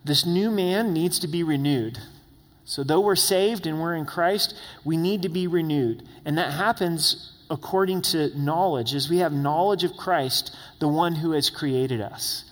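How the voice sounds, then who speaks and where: Pastor preaching in a reverberant hall. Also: male voice, a little high, unhurried. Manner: conversational, with tag questions and voiced quotes. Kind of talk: sermon. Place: church sanctuary.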